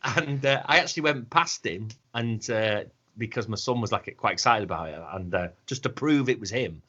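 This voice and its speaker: A man's voice: lowish voice, animated, normal speed, sharp tone, husky, dull audio. A man co-hosting a casual podcast chat, rambling and sweary, often slipping into mock voices. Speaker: podcast co-host.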